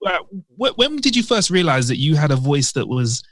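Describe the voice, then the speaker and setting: A man's voice: on the high side, sing-song, moderate pace, no echo. Admiring male podcast host, dry sound. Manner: admiring, stumbles and restarts. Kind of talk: interview questions.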